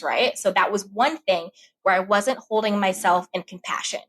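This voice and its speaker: A woman's voice: medium pitch, fast, low-quality recording. A woman guest on a podcast, talking casually and acting out the voices in her head as she tells a story. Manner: animated, acts out her own inner voice.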